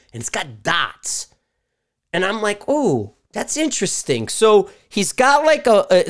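A man hosting a podcast, talking in a casual, rambling monologue full of swearing and animated storytelling. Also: high voice. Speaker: podcast host. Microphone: live stream mic.

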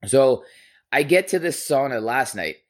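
A male podcast host telling a story in casual chat, animated and profane, swinging between loud bursts and quiet asides. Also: medium pitch, a little slow.

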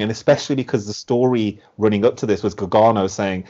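A man's voice: medium pitch, brisk, hardly any pauses, darkish tone. Rambling man, muffled audio. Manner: rambling, acts out quotes. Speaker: wrestling podcast co-host. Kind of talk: casual chat. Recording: muffled lo-fi sound.

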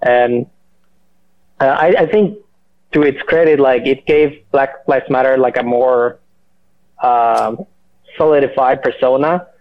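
A man in casual chat, halting and full of fillers and restarts. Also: mid-range voice, fairly even intonation. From Mexico. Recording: muffled lo-fi audio.

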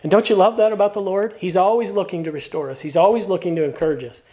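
Male pastor, middle-aged, high pitch; sermon with warm stories and strong calls to finish well. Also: fast. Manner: storytelling with playful asides; earnest, encouraging exhortation.

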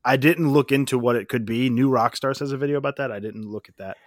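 A man's voice: mid-range voice, fast talker, no echo, clean studio sound. A man co-hosting a casual chat, easygoing and self-deprecating. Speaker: podcast co-host.

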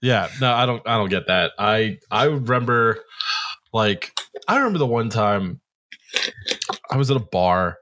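A man's voice: lowish voice, a little slow, long pauses. A man in his thirties co-hosting a podcast, telling a story in casual chat, acting out what people said and swearing freely. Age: 30s. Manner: animated storyteller, acts out quotes, swears freely. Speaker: podcast co-host.

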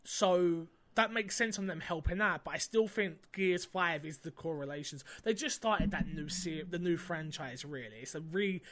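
A man's voice: on the high side, normal speed, few pauses. Chatty man hosting a podcast. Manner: animated storytelling, lots of fillers. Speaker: podcast host. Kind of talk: casual chat.

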